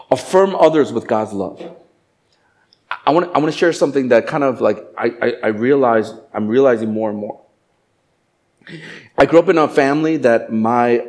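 Man, pastor, sermon, animated, joking, acts out quick voices, middle-aged, mid-range voice. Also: mid-range voice. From Asian family background.

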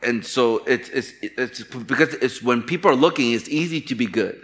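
A pastor from Chicago preaching a sermon, telling candid personal stories with self-deprecating humor. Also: male voice, medium pitch, moderate pace, fairly bright tone. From Chicago, USA.

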